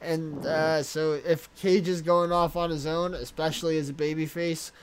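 Man, podcast host, smooth resonant voice, slightly high, excitable, swears a lot. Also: normal speed. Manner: excitable, profane recapping. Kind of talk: casual wrestling recap chat.

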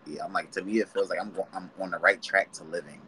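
A man with a very low voice and a bright, forceful edge, talking loosely in slang on a podcast. He rambles through ideas and acts out quotes in other voices. Faint noise sits under the recording. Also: steady tone, fast, poor audio. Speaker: podcast co-host. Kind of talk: casual chat.

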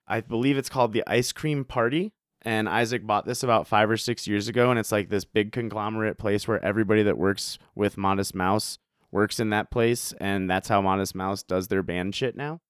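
Young male host, casual chat, smooth lowish voice, dry close recording. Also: no room sound. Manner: relaxed, swears casually, acts out quotes. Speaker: podcast host.

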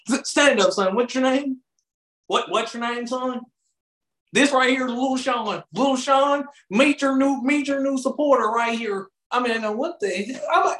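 Animated joking man in an echoey room. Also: extremely high pitch, unhurried. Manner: animated, joking, acts out little scenes. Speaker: radio show co-host. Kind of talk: casual podcast banter. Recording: roomy echo.

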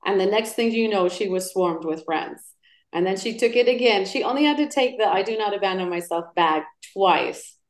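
A middle-aged woman, a podcast guest, chatting casually and telling lively stories. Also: mid-range voice, normal speed. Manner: animated storyteller. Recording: roomy echo.

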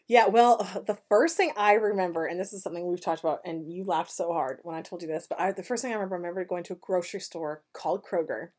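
A woman from Canada, co-hosting a podcast and telling animated stories while laughing easily. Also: on the low side, fast, few pauses. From Vancouver, Canada. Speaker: podcast co-host. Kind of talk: casual chat, storytelling.

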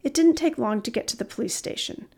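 A woman reading a story aloud as an audiobook narrator, steady and expressive. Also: sits high, fast.

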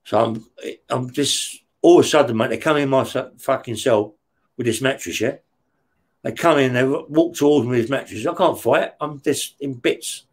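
A man, mid-pitched, telling a story in plain, coarse words. He swears all the time and keeps checking in with his listener, talking in short bursts. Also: moderate pace, slightly rough. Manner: blunt, heavy swearing, keeps checking with "yeah?". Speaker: interview guest recounting prison life. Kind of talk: casual storytelling.

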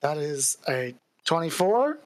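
Woman dm, low voice, dry close mic, casual and chatty. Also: sing-song, takes it slowly, a little mellow, no echo. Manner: casual, laughing, describes the action plainly. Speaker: dungeon master. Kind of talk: narrating a tabletop game live.

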